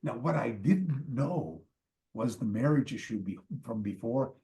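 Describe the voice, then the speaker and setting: A man's voice: mid-range voice, measured pace, reverberant. An older man, a martial arts teacher, telling rambling anecdotes as an interview guest over a call, full of asides and fillers. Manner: animated, digressive, lots of fillers and asides. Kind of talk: casual anecdotal storytelling.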